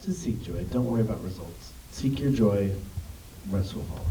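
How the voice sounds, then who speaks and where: A man's voice: lowish voice, animated, normal speed, far from the mic, crowd noise. A man on a convention panel, playfully joking and steering the Q&A in a theater. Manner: playful, joking, takes charge. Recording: roomy theater audio from afar.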